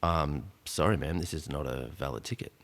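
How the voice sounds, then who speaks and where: A man voicing a stern male ticket collector who insists flatly. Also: rumbling low, moderate pace, gravelly, voice pushed down, full character voice. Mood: insistent. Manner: flat, insistent. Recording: long reverb, echoey room.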